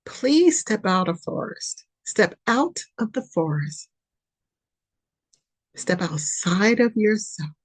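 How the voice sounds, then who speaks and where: A woman hosting a spiritual podcast, giving an impassioned reading that pleads and repeats itself, swinging from loud urging to soft near-whispers. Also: mid-range voice, big pitch swings, takes it slowly, husky. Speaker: podcast host, spiritual reader.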